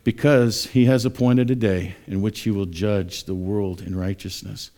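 A man preaching a sermon, sometimes mocking scoffers in high, exaggerated voices. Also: fairly even intonation, measured pace, warm tone. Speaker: pastor. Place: church.

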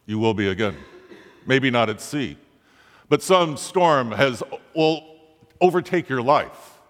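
A man's voice: animated, takes it slowly. A man preaching a sermon, dramatic, his voice rising sharply on the pleading questions he voices. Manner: dramatic, rising pitch on quoted pleas. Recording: long hall reverb.

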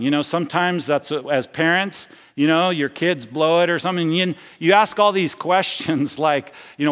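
Heard in a large hall, specifically a church sanctuary, a pastor with a slightly high, somewhat bright voice preaches at normal speed with few pauses. His sermon is conversational, marked by repeated restarts and personal anecdotes.

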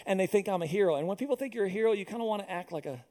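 A pastor in his thirties races through a sermon with an animated storytelling delivery, often slipping into the voices of people in his anecdotes. His voice is high for a man.

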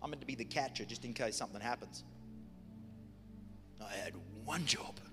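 A man's voice: mid-range voice, normal speed. A man preaching a sermon, telling a story in a humorous, conversational way. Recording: long hall reverb with music behind.

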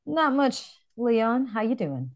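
A woman co-hosting a casual podcast as a dance instructor, chatty and quick to laugh. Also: fairly high pitch, sing-song, dull audio.

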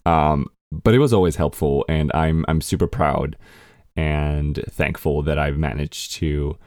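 Young Swedish podcast host with a learned American accent, low voice, candid and self-mocking, close dry mic. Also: male voice, steady tone, a little slow, a little mellow, dry recording. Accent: American English learned by a Swedish speaker. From Sweden. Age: 20s. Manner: chatty, candid, swears casually, laughs at himself. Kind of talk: casual solo podcast monologue.

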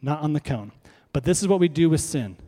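A man's voice: on the high side, expressive, a little fast, mellow. A pastor preaching a sermon to his congregation, conversational, throwing rhetorical questions to the room. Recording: long reverb of a hall.

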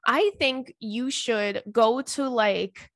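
A woman's voice: on the high side, slow, a bit bright, no echo. Female podcast host, casual advice chat, candid and loose with swearing, dry close sound. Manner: candid, swears freely, chatty with fillers.

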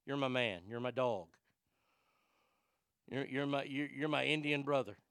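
A man's voice: mid-range voice, unhurried, a bit bright, clear, resonant tone, dry recording, clean studio sound. A man hosting a talk radio show, ranting animatedly about a reality show with crude asides and stammered restarts.

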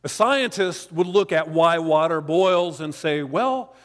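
Guy preaching a sermon, kinda high voice, chatty with little jokes, big echoey church hall. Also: unhurried. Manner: conversational preaching with jokes and asides. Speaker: pastor. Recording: long reverb of a large hall.

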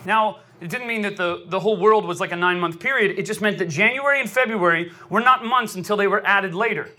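A man giving an energetic, joking sermon to a live crowd, often calling out loudly. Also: high voice, fast talker. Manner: loud, animated, joking with the crowd. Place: large venue with live audience.

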